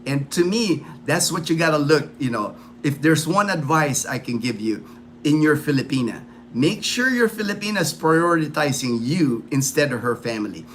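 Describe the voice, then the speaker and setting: A man's voice: on the high side, animated, normal speed, a bit bright, a little hiss or hum. A man hosting a casual livestream chat, rambling and repeating himself with lots of fillers. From United States. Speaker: livestream host.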